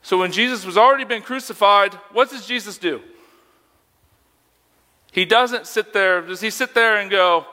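A man's voice: sits high, moderate pace, pushed and bright, long reverb tail. A young man preaching a sermon as a youth pastor, conversational and emphatic, asking rhetorical questions.

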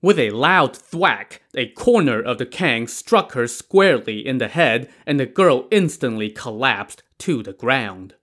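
A man's voice: medium pitch, lively intonation, measured pace, hardly any pauses, fairly bright tone. A man narrating a classic tale casually, with wry, sarcastic asides. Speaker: storyteller.

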